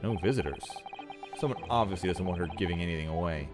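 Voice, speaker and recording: A man's voice: sits low, fast, music in the background, natural voice. Man voicing an earnest young lawyer in a game. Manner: polite, inquisitive.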